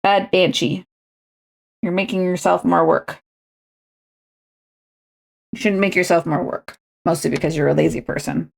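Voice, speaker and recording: A woman's voice: lowish voice, fairly even intonation, a little slow, creaky, pauses often. A woman, chatting and rambling to herself and her viewers while she crafts on a stream. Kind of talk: casual chat while crafting.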